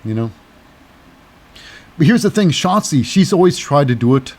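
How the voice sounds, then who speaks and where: A man's voice: fairly high pitch, expressive, moderate pace, darkish tone. A man hosting a casual wrestling recap, rambling and cynical and full of fillers. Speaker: host.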